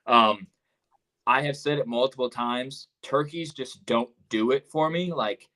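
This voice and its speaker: A man chats on a podcast in a candid, plain-spoken way, with an everyday voice at a middle pitch. He talks openly about his own views. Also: unhurried, bright, forceful tone, poor audio. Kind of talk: casual podcast chat.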